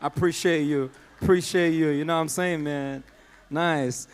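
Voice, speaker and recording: A man from Nigeria with a Nigerian English accent doing live stand-up, chatting and teasing the audience, swinging from loud calls to low asides. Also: fairly even intonation, moderate pace, smooth. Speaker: stand-up comedian. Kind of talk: live stand-up with crowd work. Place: comedy club stage.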